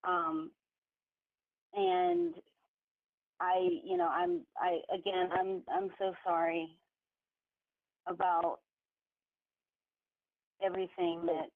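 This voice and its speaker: A woman on a phone call, halting and apologetic, stumbling over her words. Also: fairly low pitch, expressive, no room sound. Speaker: caller. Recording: tinny phone line.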